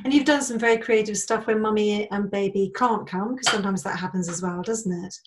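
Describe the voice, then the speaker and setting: A woman's voice: medium pitch, a little fast. A woman with a British accent interviewing a guest, affirming and encouraging her answers. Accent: British English. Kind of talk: interview questions.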